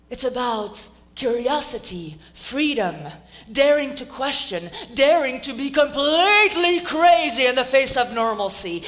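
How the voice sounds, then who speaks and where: A woman's voice: fairly high pitch, fairly bright tone. A woman giving a dramatic, theatrical stage talk in a large auditorium, rousing the audience with rhetorical questions. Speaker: speaker.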